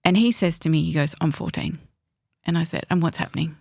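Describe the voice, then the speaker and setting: Husky-toned woman, gravelly low voice. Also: fast, no echo, studio quality. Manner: warm, reflective storyteller who acts out remembered dialogue. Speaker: parenting expert guest. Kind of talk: podcast conversation, storytelling.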